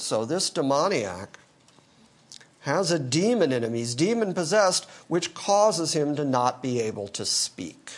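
A male pastor preaching an expository sermon, animated and teaching verse by verse, with dry humor. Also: on the high side. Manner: animated, quoting scripture in character, dry humor.

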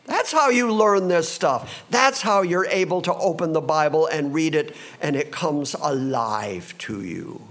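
Lively, high-voiced man preaching. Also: measured pace, hardly any pauses. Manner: animated preaching, acting out disciples' confused voices. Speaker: pastor. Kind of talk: sermon.

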